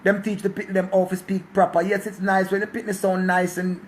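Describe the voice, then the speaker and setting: A Jamaican man in his forties delivers a preachy talk about life, switching between patois and English, repeating himself and cursing. His voice is high with little pitch movement, and he talks fast with few pauses, in a passionate, casual monologue.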